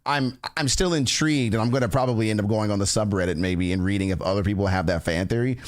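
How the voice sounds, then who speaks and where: A man's voice: on the low side, fast. A man chatting casually on a livestream, reacting to music with slangy talk and frequent laughter. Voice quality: animated, laughs often, slangy.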